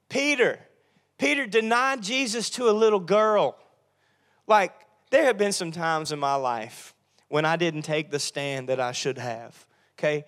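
High-voiced animated pastor. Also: male voice, unhurried. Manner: animated, acts out Bible figures in funny voices. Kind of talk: sermon. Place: church sanctuary.

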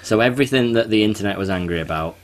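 A very low-pitched man co-hosting a relaxed podcast chat. He talks in a loose, chatty way, often restarting and correcting himself mid-sentence. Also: racing. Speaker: podcast co-host. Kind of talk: casual chat.

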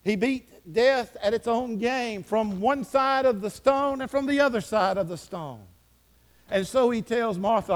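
A man delivers a sermon. He preaches with fervor. His pitch and volume climb and fall away again. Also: measured pace. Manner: fervent preaching, rising and dropping in pitch and volume. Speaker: pastor.

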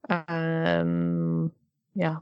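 A woman's voice: sits low, completely flat delivery, extremely slow, vocal fry, smooth, no echo, muffled recording. A woman co-hosting a podcast over a remote call, chatting casually about a documentary and giggling often. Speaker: podcast co-host. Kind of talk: casual chat reviewing a documentary.

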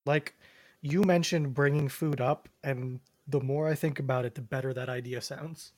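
A laid-back young man co-hosts a podcast and chats casually with a friend. His voice sits at an ordinary middle pitch, and he laughs easily between his points. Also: fairly even intonation, moderate pace. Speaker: podcast co-host. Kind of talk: casual chat.

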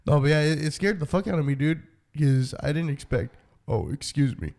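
A man's voice: on the high side, creaky, darkish tone. A man co-hosting a casual chat, telling stories in a laid-back way, swearing and laughing often.

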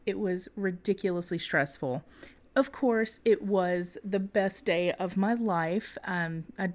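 A young woman co-hosting a podcast, telling a story in a casual, animated way with laughter. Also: mid-range voice, takes it slowly. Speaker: podcast co-host.

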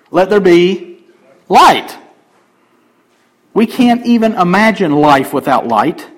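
A man preaching a sermon, swinging between emphatic raised passages and quiet conversational asides. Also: fairly high pitch, rough recording. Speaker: pastor.

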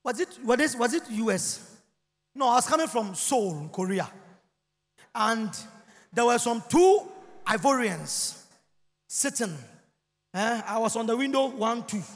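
A man preaching a lively sermon in a church, shouting, chanting and singing out phrases. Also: very high-pitched, unhurried, pauses often. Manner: shouts and chants, sings phrases, mimics people. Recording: long reverb of a church hall.

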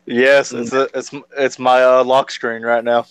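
A man's voice: medium pitch, flat delivery, unhurried, clear, resonant tone, rough recording. A man co-hosting a casual podcast chat, laid-back and bluntly swearing. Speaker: podcast co-host.

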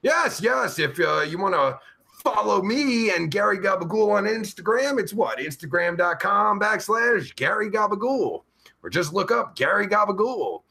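A man's voice: high-pitched, big pitch swings, normal speed, vocal fry, bright, forceful tone, exaggerated voice. A man playing a crude, foul-mouthed pervert character who hosts a comedy live stream, rambling and swearing constantly. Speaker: host.

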